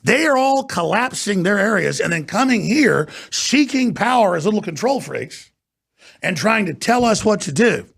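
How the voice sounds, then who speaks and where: A man's voice: sits high, big pitch swings, moderate pace, vocal fry, fairly bright tone, husky. A man hosting a talk show, ranting and mocking in an off-air political monologue from a studio.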